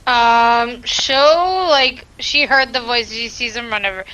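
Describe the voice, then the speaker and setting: Bright-voiced woman tabletop player. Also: fairly high pitch, slow pace, lo-fi sound. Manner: hesitant, casual. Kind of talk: tabletop game chat.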